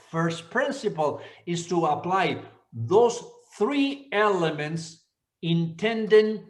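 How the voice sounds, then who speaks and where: Slow-speaking older pastor in an echoey hall. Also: male voice, on the high side. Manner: unhurried, repetitive, teaching tone. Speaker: pastor and seminar presenter. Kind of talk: church seminar talk. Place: church hall.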